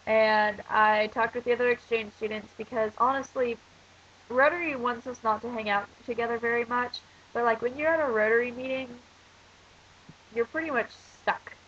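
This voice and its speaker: A woman's voice: fairly high pitch, fairly even intonation, normal speed, fairly bright tone, a little hiss or hum. A teenage girl vlogging as an exchange student while sick, with a stuffy nose and a cough, rambling with lots of fillers. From United States. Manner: rambling, ranting, many fillers. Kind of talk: casual vlog. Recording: dull lo-fi recording.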